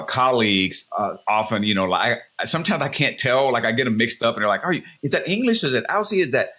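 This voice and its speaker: A man's voice: lowish voice, sharp tone. An American man hosting a podcast interview in a loose, enthusiastic, rambling chat. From United States. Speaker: podcast host.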